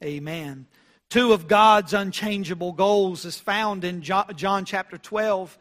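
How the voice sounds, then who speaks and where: A man preaching a sermon in church, emphatic and surging loud on key phrases, stretching out quoted scripture slowly. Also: high-pitched, fairly even intonation. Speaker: pastor.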